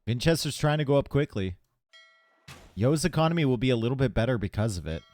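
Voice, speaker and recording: A man casting a live strategy game tournament, chatty and relaxed, chatting with viewers between plays from a home stream setup. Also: mid-range voice, quick pace, dry recording. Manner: casual, chatty, talks to chat between plays. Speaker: tournament caster. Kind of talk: live esports commentary.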